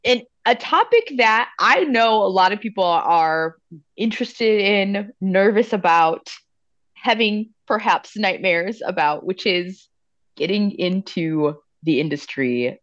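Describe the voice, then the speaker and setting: A woman's voice: mid-range voice, dry recording, lo-fi sound. A woman co-hosting a podcast in casual chat, with a sing-song way of talking. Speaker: podcast co-host.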